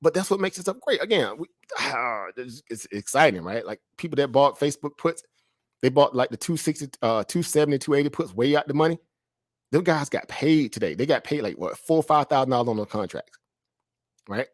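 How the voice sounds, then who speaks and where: Male streamer, quick chatty delivery, dry close sound. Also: mid-range voice, expressive, dry recording. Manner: conversational, frequent "right?" tag questions, laughs between phrases. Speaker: stock trading live streamer. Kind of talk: casual live stream commentary.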